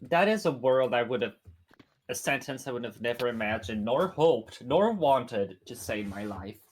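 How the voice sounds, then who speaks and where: A man chatting casually over voice chat while gaming, halting often with filler sounds. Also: medium pitch, lively intonation, husky. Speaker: friend on voice chat.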